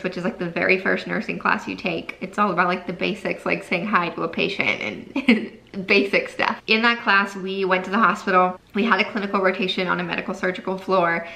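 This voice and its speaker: Gravelly-voiced young woman vlogger, chatty. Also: lowish voice, sharp tone, low-quality recording. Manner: chatty, lots of fillers like "like" and "freaking". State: tearful, holding back crying. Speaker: nursing student vlogger. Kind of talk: casual talk to camera.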